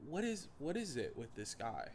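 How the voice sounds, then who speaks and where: Guy confronting a scam victim, blunt but gentle, noisy background hiss. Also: fairly high pitch, huge pitch swings, normal speed. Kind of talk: documentary interview.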